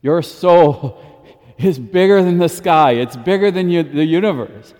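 A Catholic priest giving a daily homily in a lively, informal way, chuckling often. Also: male voice, fairly high pitch, unhurried, big-room sound. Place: church.

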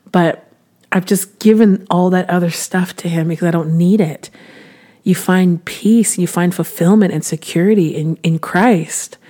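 With a lowish, dark-toned voice, a woman in her thirties talks casually to camera as a Christian vlogger giving devotional encouragement. She comes across as earnest and chatty, restarting frequently and suddenly punching lines with a preacher's emphasis.

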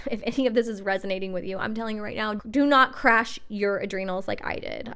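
A woman's voice: mid-range voice, pushed and bright, clear, resonant tone. Young female podcast host, casual solo monologue, earnest and chatty. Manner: chatty, earnest, fillers like "like" and "literally".

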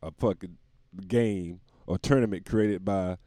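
A man's voice: sits low, measured pace, mellow, no room sound, studio quality. A man delivering a rambling, profane comic monologue, often laughing at his own jokes.

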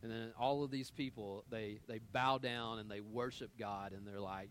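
Animated storytelling man preaching. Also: fairly low pitch, normal speed, a little hiss or hum. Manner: animated storytelling with quoted dialogue, many fillers and restarts. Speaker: pastor. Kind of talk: sermon.

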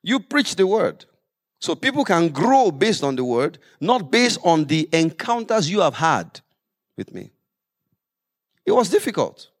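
A man preaching a sermon as pastor, lively with humorous asides. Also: fairly high pitch, unhurried.

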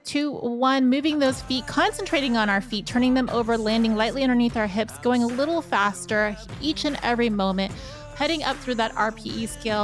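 Woman, running coach, calm countdowns, slightly high voice, faint music behind. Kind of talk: guided treadmill workout coaching.

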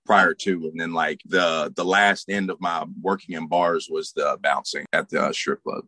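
Man, former bouncer, casual chat, laid-back storyteller, bright forceful voice. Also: sits low, fairly even intonation, moderate pace, dry recording. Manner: laid-back storytelling with frequent fillers and laughs. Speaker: interview guest, former bouncer. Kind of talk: casual conversation.

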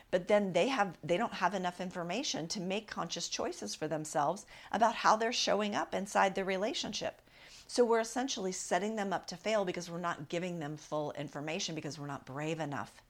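Speaking as a relationship coach on her advice podcast, a woman with a low-sitting voice is direct and encouraging, frequently checking in with her listeners.

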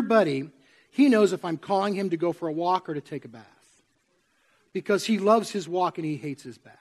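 A man's voice: high-pitched, a little mellow. A man preaching a sermon to his congregation in a church, conversational and often asking them questions. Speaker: pastor. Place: church sanctuary.

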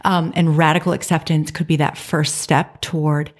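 A woman's voice: sits low, little pitch movement, moderate pace. A woman co-hosting a faith podcast, talking through forgiveness in a thoughtful, candid way with light laughs. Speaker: podcast co-host. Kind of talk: reflective faith conversation.

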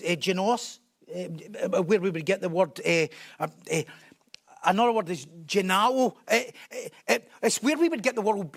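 A man's voice: high voice, creaky. A man preaching a sermon, emphatic and repeating key phrases for stress.

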